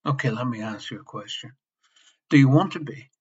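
A man preaching a sermon with passion. He swings between loud emphasis and soft near-whispers and repeats key phrases. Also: medium pitch, a little fast, breathy edge. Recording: slightly dull lo-fi sermon recording.

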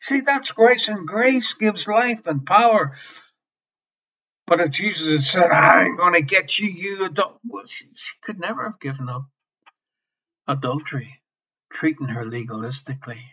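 Slow, bright-voiced impassioned male preacher. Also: a little high, expressive, breathy edge. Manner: impassioned, swinging between loud emphasis and soft near-whispers; repeats key phrases for emphasis. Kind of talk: sermon. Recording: slightly dull lo-fi sermon recording.

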